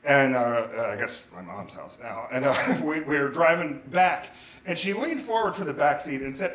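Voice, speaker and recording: A man telling a profane, animated comic story live on a small theater stage into a stage mic, rambling with restarts. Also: fairly high pitch, moderate pace. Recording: echoey theater room.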